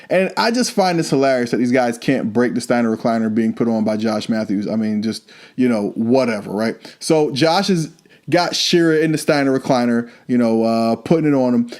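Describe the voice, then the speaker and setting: A man's voice: mid-range voice, darkish tone. A man hosting a wrestling podcast, casually recapping a show in a loose, chatty way with lots of fillers and asides.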